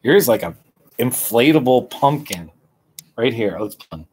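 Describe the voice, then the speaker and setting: A man live-streaming from a hammock outdoors, chatting casually and rambling with a relaxed, drawn-out manner. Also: medium pitch, noisy background.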